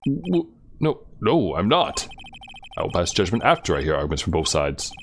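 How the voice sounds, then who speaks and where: A man's voice: low voice, very animated, normal speed, slight background noise. A man voicing a fussy, flustered old male judge who speaks formally.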